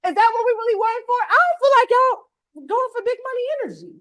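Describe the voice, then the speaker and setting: Very high-pitched and expressive, her slightly bright voice moves quickly. Leading a motivational workshop, she gets the live crowd going with casual call-and-response, peppered with "y'all," in an energetic delivery.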